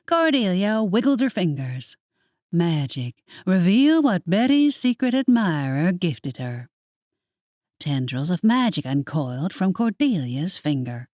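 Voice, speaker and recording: A woman narrating an audiobook in an expressive storytelling manner, close to the mic. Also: fairly low pitch, measured pace, no room sound, highs cut off. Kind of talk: scripted narration.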